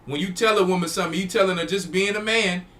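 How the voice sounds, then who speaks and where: A man's voice: sits high, fairly even intonation, fast talker, fairly bright tone. A man, a church elder hosting a show, preaching emphatically and repeating phrases. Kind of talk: preaching talk to a live audience.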